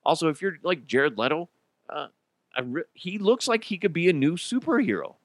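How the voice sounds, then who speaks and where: A man's voice: a little high, normal speed, no echo. A man hosting a comedy podcast alone, swearing freely and laughing often as he rants. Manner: profane, animated, laughs often. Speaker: podcast host. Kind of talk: comedic solo commentary.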